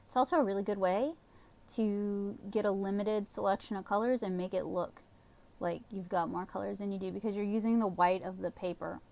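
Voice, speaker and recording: A woman teaching watercolor painting on a livestream, talking casually and in halting phrases while she paints. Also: mid-range voice, steady tone, creaky, darkish tone. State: talking with a candy in her mouth. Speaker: art instructor.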